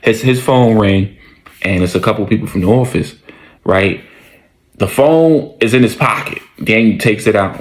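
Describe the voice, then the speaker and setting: A man's voice: on the low side, normal speed. A man casually telling a story in slangy, profane speech, often repeating his lines for emphasis.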